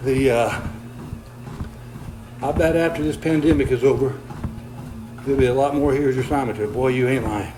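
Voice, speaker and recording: Pausing often, an older man speaks at a moderate pace in a mid-range voice, with background noise in the recording. He's chatting casually on a livestream, walking on a treadmill as he reads viewer comments, slightly out of breath, folksy and easygoing, and he chuckles often.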